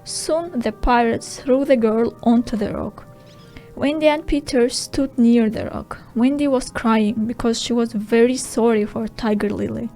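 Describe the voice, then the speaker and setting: Woman, audiobook narrator, slow and clear, simple storybook reading, slightly high voice. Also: fairly even intonation, dark tone, faint music behind, low-quality recording. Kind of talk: scripted narration for language learners.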